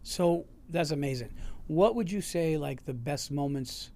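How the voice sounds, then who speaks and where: A man hosting a casual podcast, a parent telling relaxed, calm stories about his kids. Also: a little high, a little slow. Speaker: podcast host.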